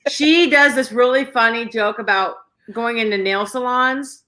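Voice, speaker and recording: A woman co-hosting a podcast in casual chat, excitable and swearing freely, often laughing as she talks. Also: fairly high pitch, a little slow. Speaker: podcast co-host.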